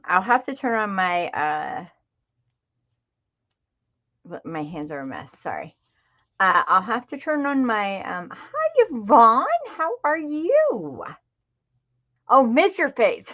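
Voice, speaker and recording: A woman's voice: mid-range voice, a bit bright, muffled recording. A middle-aged woman hosting a craft livestream, chatting casually and greeting viewers by name. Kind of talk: casual live-stream chat.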